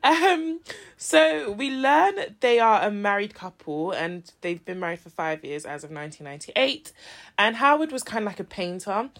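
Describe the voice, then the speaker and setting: A woman's voice: medium pitch, very animated, normal speed, fairly bright tone. A woman co-hosting a podcast in casual, slangy, emphatic chat. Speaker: podcast co-host.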